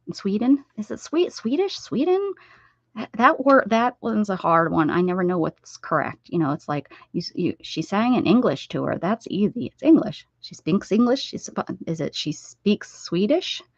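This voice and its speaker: A woman hosting a casual craft livestream, rambling and chatting warmly with viewers as she sews. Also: on the low side, animated, moderate pace, hardly any pauses, no echo. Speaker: livestream host. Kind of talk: casual livestream chat while sewing. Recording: dull, dry lo-fi sound.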